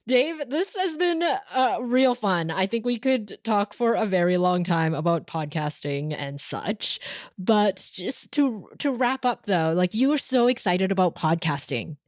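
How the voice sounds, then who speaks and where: A woman's voice: medium pitch, expressive, slow pace, a little mellow, no echo, studio quality. A woman hosting a podcast, upbeat and chatty, laughing often as she wraps up an interview. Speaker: podcast host.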